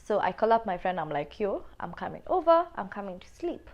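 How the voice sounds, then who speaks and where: A young woman with a Kenyan accent telling a personal story on a podcast, animated and casual, mixing in Swahili slang. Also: mid-range voice, brisk. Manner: animated, switches between English and Swahili slang.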